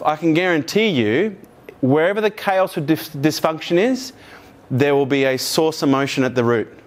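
A man giving a live motivational keynote to an audience, swearing freely and acting out quoted voices. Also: a little high. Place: conference room with live audience.

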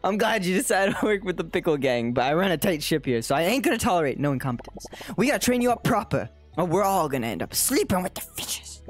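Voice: medium pitch, very animated, quick pace, hardly any pauses, soft background music, close to an everyday voice. A streamer voicing a tough male mob boss vegetable in a gangster drawl for a cartoonish game. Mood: bossy.

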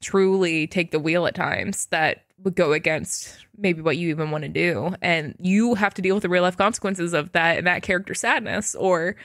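Young woman, podcast host, rambling animated chat, dry close sound. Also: on the low side, normal speed, hardly any pauses, no room sound. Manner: rambling, animated storytelling with laughs.

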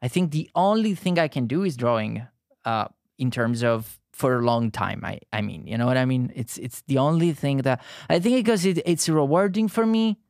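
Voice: medium pitch, moderate pace, a little mellow, no room sound, studio quality. Chatty streamer with a strong Neapolitan accent. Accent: Neapolitan Italian. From Naples, southern Italy. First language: Italian. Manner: chatty, talks straight to the viewers. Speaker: livestreamer. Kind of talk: casual livestream chat.

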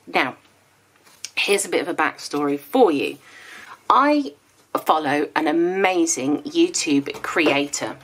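This is a woman in her thirties talking casually to her viewers, her speech carrying a slight lisp from the aligners she wears. Her voice sits a little on the low side, and she rambles along in a friendly, chatty way, going off on tangents as she talks. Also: lively intonation, takes it slowly, long pauses, fairly bright tone, husky. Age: 30s. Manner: chatty and rambling, with small laughs. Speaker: planner vlogger. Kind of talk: casual vlog chat.

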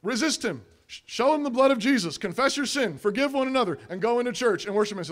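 A pastor preaching a sermon in a conversational way, acting out little family scenes and dropping to a soft hushed voice for the confessions. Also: male voice, very high voice, lively intonation, fast talker. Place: church sanctuary.

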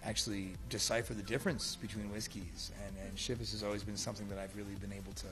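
A man's voice: lowish voice, flat delivery, music in the background. A man answering interview questions in casual chat, laughing easily and restarting his sentences often. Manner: laughing, halting with many restarts.

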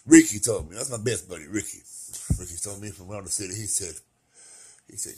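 A man in his late forties talking casually at home, swinging between loud, laughing outbursts and soft, low musings. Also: quick pace, husky. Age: 40s. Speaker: vlogger. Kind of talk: casual rambling monologue. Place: at home lying in bed by an open window.

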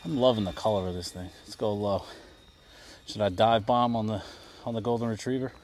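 A man's voice: fairly low pitch, fairly even intonation, a little fast, a little mellow, slight background noise. A man vlogging outdoors as he flies a small RC plane, chatty and self-deprecating. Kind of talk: casual outdoor vlog while flying. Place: outdoors at a flying field and backyard.

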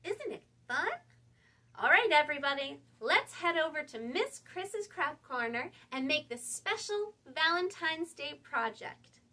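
A woman librarian reading a picture book aloud to young children, animated and sing-song, asking them questions along the way. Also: high voice, a little slow.

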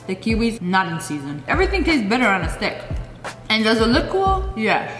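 A woman's voice: a little high, big pitch swings, fairly quick, a bit bright. A woman hosting a casual vlog, talking in a playful, jokey and exclamatory way. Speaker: YouTube host. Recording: echoey room with music behind.

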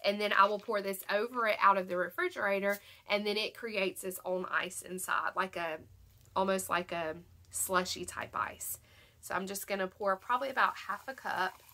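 A young woman with a Southern American accent, congested from allergies, chatting excitedly and rambling through a shopping haul vlog. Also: medium pitch, normal speed. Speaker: haul vlogger. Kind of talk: casual chat to camera.

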